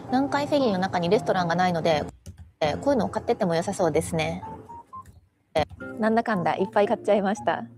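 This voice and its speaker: A woman from Japan narrates a travel vlog at a very rapid clip, chatting and musing aloud to herself as she browses. Her voice sits at a middle pitch, with faint music playing underneath. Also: expressive. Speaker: travel vlogger.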